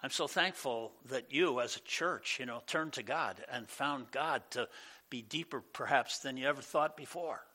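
Animated, conversational male pastor preaching. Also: medium pitch, normal speed. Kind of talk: sermon. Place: church.

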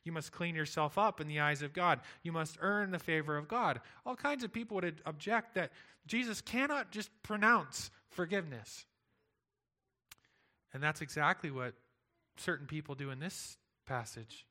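A man's voice: fairly high pitch, pushed and bright. A pastor preaching a sermon, earnest and emphatic, driving his points home with rhetorical questions.

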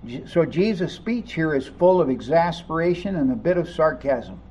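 A man preaching a sermon, animated, acting out the voices of people in the story as he teaches. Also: fairly high pitch, moderate pace, hardly any pauses, breathy edge, highs cut off. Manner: animated, acts out voices of the crowd and disciples. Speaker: pastor.

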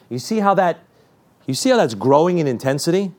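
A man preaches a midweek sermon. His voice sits a little high and swings widely in pitch as he leans hard on scripture verses and slips in jokes. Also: brisk. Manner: lively, joking asides, quoting scripture emphatically.

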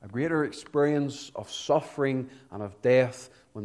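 A man preaching an evangelistic sermon, swinging between hushed, low passages and loud, emphatic climaxes, drawing out key words. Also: moderate pace, few pauses.

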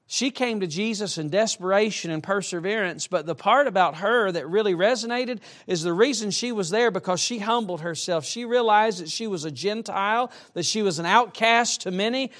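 A middle-aged male preacher with a notably high voice delivers a sermon in a church. He speaks emphatically and breaks up his points with humorous asides. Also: a bit bright. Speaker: traveling preacher. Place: church sanctuary.

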